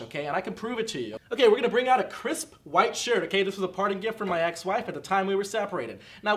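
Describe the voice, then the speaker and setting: A man playing a fast-talking infomercial pitchman whose rambling salesman patter, full of "okay?", keeps sliding into bitter rants about his marriage. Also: a bit bright, slight background noise. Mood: upbeat salesy. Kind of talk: comedic infomercial parody.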